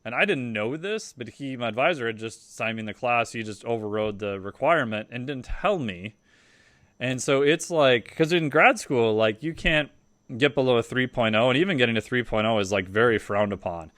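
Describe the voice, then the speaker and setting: A man's voice: medium pitch, normal speed, a bit bright, no room sound. A man, a podcast guest, telling loose, profane stories in a casual interview.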